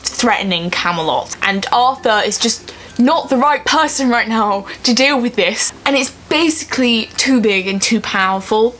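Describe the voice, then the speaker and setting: A woman's voice: a little high, animated, normal speed, fairly bright tone, a little hiss or hum. A young woman ranting emphatically in a casual vlog, swearing freely and getting emotional. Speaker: vlogger. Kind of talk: casual fan rant.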